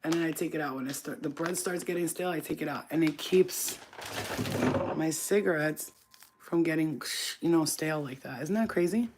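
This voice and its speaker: Blunt, deep-voiced woman vlogging. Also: normal speed, heavy background noise. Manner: blunt, profane, emphatic. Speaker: spiritual reader. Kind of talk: casual to-camera vlog rant. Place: at home, smoking on camera.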